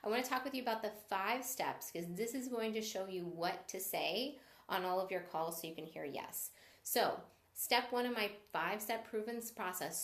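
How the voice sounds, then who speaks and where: A woman's voice: medium pitch, echoey room. A woman sales coach giving a live-stream training, upbeat and encouraging, stopping to greet viewers as she teaches.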